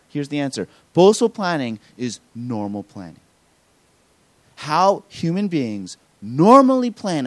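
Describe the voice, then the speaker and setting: A man preaching a sermon as pastor, acting out quotes with lively emphasis. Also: on the high side, no echo. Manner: animated preaching with acted-out quotes.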